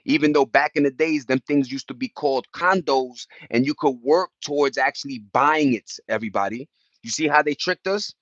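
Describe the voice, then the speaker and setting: A man in his forties with a New York accent hosts a casual livestream, talking in easy street slang and shouting out viewers in the chat. His voice sits at a middling pitch. The audio is dry and a little dull, like a lo-fi stream. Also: a little fast, dry recording. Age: 40s. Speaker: livestream host.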